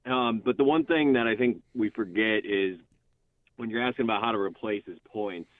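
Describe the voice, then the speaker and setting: A man's voice: lowish voice, normal speed. A man calling in to a sports radio show, making his point earnestly with some hesitant fillers. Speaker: caller. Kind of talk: call-in comment. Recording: tinny phone line.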